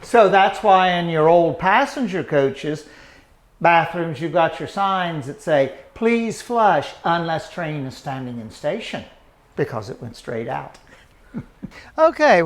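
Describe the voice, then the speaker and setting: An older man with a Southeastern Ohio accent, a museum guide telling folksy, animated stories on a tour. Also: fairly high pitch. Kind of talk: anecdotal storytelling on a tour.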